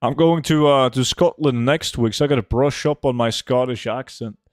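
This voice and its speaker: A relaxed man, chatting on a game livestream in a middle-of-the-range voice. He talks loosely, full of little fillers. The sound is dry and close, with no room around it. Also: mid-range voice, normal speed, no room sound. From Norway. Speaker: game streamer. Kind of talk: casual livestream chat, reading chat aloud.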